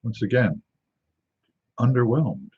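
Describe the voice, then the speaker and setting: A man's voice: mid-range voice, very animated, takes it slowly, a little mellow, slightly rough, lo-fi sound. A man hosting a casual tasting video, reading a can label aloud and joking to himself in a rambling, wry way. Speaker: drink reviewer.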